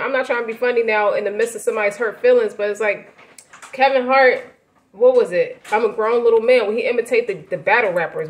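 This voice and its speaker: Brash, profane woman tarot reader. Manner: brash and profane, swings between loud hype and low muttering. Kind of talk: casual tarot reading to camera.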